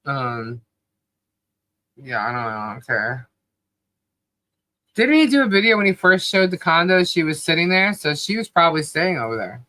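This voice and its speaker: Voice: medium pitch, sing-song, normal speed, long pauses, bright, forceful tone, dry recording. A podcast co-host chatting loosely with a friend, laughing often and singing snatches of songs now and then. The recording is dry and close, with no room sound around the voice. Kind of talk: casual chat.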